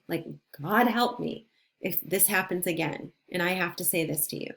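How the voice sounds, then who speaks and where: A woman's voice: lowish voice, moderate pace. A woman teacher giving a recorded video lesson on reading difficult texts, talking in a conversational, encouraging way and often restarting her phrases.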